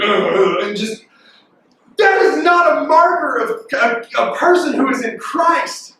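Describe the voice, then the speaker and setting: A man preaching a lively, joking sermon to teenagers, with sudden loud outbursts when he acts out reactions. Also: extremely high pitch, unhurried. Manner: animated and jokey, bursts into loud mimicking. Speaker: youth pastor. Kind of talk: youth sermon. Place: large echoey worship hall. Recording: distant mic in reverberant hall.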